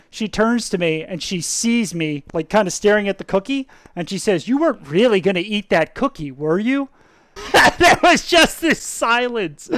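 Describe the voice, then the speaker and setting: A man's voice: sits high, dry recording, clean studio sound. A man streaming a reaction video, chatting casually and telling anecdotes with frequent laughter. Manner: chatty, laughs often, acts out voices in anecdotes. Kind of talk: casual reaction chat with storytelling.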